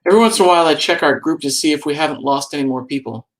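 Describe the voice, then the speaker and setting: A man with a somewhat high voice chats casually on a live stream. He rambles playfully from one topic to the next and hums to himself. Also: very fast. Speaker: podcast co-host.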